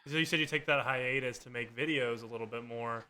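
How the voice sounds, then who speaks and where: A man's voice: medium pitch, fast, sharp tone, slight background noise. A man hosting a casual podcast, asking loose, chatty questions. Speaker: podcast host. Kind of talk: casual interview.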